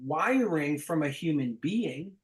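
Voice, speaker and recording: Blunt, emphatic high-voiced sales coach. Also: male voice, expressive, slow pace, roomy sound, low-quality recording. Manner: blunt, emphatic, swears casually.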